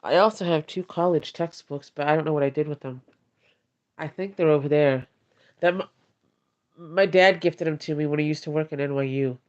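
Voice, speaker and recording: Soft-spoken woman ASMR streamer. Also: sits low, normal speed. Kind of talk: ASMR livestream chat. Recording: dull lo-fi stream audio.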